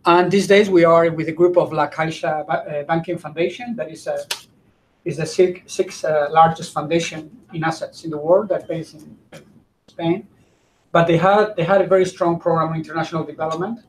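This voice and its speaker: A man with a slightly raised voice presents to a conference audience. He speaks haltingly and often stops mid-sentence to search for the right word. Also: a little high, a little hiss or hum, low-quality recording.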